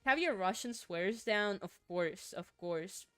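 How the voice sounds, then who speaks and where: A young woman from Finland with a mixed accent chats casually as a streamer, giggling and rambling through her sentences as she reads chat aloud. Her voice is smooth and clear at a middle pitch, recorded dry and close with faint game music underneath. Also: animated, takes it slowly, fairly bright tone, no echo. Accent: mixed, not a typical Finnish one. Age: young adult. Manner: giggly, rambling, with frequent laughs and restarts. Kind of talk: casual chat while gaming, reading chat aloud.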